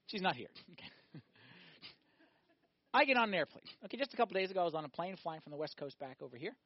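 A male priest giving a sermon, animated, firing off rhetorical questions and acting out little scenes. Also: high-pitched, fast, no room sound, highs cut off.

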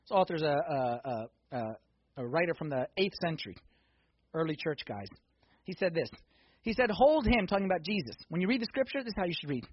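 High, husky-voiced preacher. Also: male voice, brisk, dry recording, lo-fi sound. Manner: swings from hushed intensity to loud excited exhortation. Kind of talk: sermon. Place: church sanctuary.

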